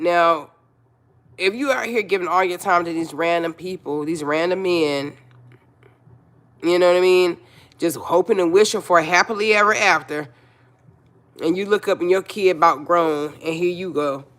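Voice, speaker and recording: A woman's voice: lowish voice, fairly bright tone. Blunt, chatty woman live-streaming. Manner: chatty, blunt, repeats herself, talks to viewers. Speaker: livestream host. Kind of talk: casual live-stream chat.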